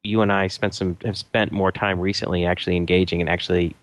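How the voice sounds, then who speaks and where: A man co-hosts a casual podcast chat, thinking aloud and often restarting his sentences. His voice is fairly low. The sound is dry and close. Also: little pitch movement, no echo. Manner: thoughtful, halting with frequent restarts. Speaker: podcast co-host.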